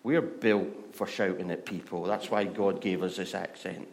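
A middle-aged Scottish pastor preaching a sermon, telling stories and moving between hushed and loud, lively delivery. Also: male voice, sits low, normal speed. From Scotland. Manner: storytelling, shifts from hushed to loud and animated.

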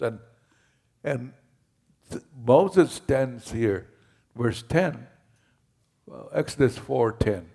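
A male pastor delivers a conversational sermon, retelling scripture in plain everyday words. He speaks slowly and deliberately, with a gravelly, creaky tone. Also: medium pitch, lively intonation, dark tone.

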